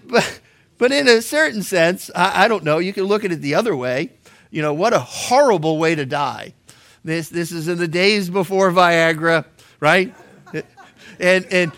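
Bright-voiced, high-pitched male pastor. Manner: conversational and joking, with frequent stammered restarts. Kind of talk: verse-by-verse Bible teaching.

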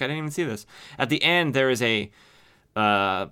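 A man's voice: mid-range voice, lively intonation, normal speed, sharp tone, clear, resonant tone. A man hosting a podcast, recapping comic books in an enthusiastic, chatty way with many fillers. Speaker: podcast host. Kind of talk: casual comic book recap.

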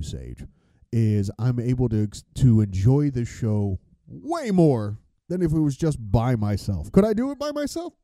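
A man's voice: fairly low pitch, warm tone, no room sound, clean studio sound. Rambling, profane male podcast host. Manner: rambling, profane, loses his train of thought. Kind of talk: casual chat.

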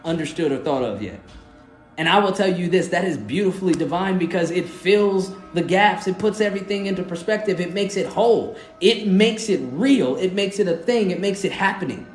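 High-voiced man, roomy echo. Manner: loose, rambling, often asks "you know what I mean"; earnest, encouraging. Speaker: live-stream host. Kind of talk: casual live-stream talk. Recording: roomy echo, faint music.

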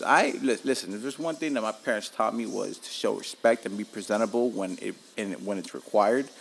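A man's voice: fairly low pitch, gravelly, slight background noise. A man in his forties with a Miami accent, hosting a podcast and telling stories in a rambling, profane, frank way. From Miami, Florida. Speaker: podcast host. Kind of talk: casual storytelling monologue.

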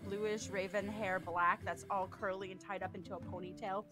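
A woman rambles through her turn in an online tabletop game, stacking up fillers and the odd swear. Loud game music plays clearly behind her voice chat. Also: medium pitch, flat delivery, normal speed. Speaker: player.

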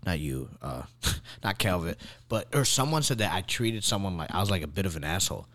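A man's voice: low voice, animated, a little fast, a bit bright. A man speaking bluntly and profanely as a guest in a casual podcast chat.

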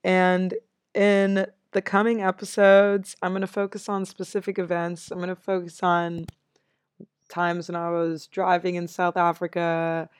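A woman's voice: lowish voice, level tone, measured pace, clear, resonant tone, no room sound. A young American woman hosting her own show, chatting casually and upbeat with frequent laughs. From United States. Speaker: podcast host. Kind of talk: casual solo chat.

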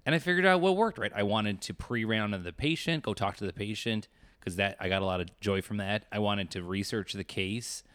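A young man co-hosting a casual podcast, playful and animated, often laughing. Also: lowish voice, a little fast, dry recording. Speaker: podcast co-host.

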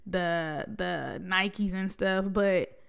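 A woman's voice: fairly low pitch, very slow, creaky, fairly bright tone, smooth. A young adult woman hosts a solo podcast, talking in a conversational, reflective way full of rhetorical questions. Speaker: podcast host.

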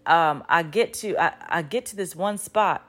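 A woman's voice: on the low side, a little slow, fairly bright tone. A woman in her thirties telling a story in a casual vlog, rambling with lots of "like" and restarts, and swearing freely. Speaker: vlogger.

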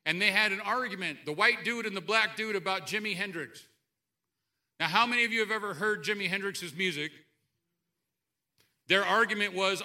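Male pastor, high bright voice, lively sermon delivery with sudden loud bursts and soft asides. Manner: animated, jumps between loud outbursts and quiet asides. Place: church sanctuary.

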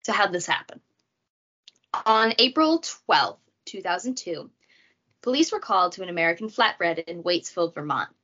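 A woman's voice: fairly low pitch, lively intonation, moderate pace, bright, forceful tone. A woman hosting a casual true crime podcast, chatty and jokey, with asides. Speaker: podcast host. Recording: dull lo-fi audio.

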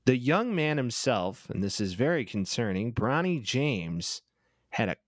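A man co-hosting a casual sports podcast, talking in a crude, rambling way full of jokes. His voice sits at a middle pitch. The recording is close and dry. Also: very animated, unhurried, no echo. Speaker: podcast co-host.

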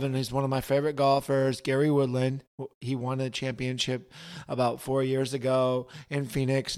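A man co-hosting a casual sports podcast, dry and blunt in his remarks. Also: medium pitch. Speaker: podcast co-host.

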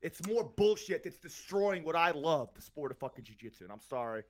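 A man's voice: fairly high pitch, sing-song, a little fast. Angry, profane man ranting. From Tampa, Florida. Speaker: podcast co-host. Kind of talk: heated podcast rant.

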